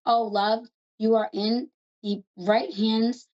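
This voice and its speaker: A woman from New York with a New York accent, hosting a call-in psychic reading in a fast, chatty, affectionate way. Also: fairly high pitch, level tone, darkish tone, dull audio. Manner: fast, chatty and affectionate, calls callers love. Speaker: psychic reader host.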